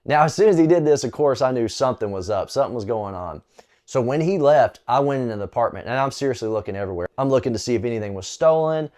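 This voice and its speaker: A man telling a personal faith story in a relaxed, conversational way, with frequent small fillers. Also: mid-range voice, fast talker. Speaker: storyteller sharing a faith testimony. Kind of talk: casual spoken testimony.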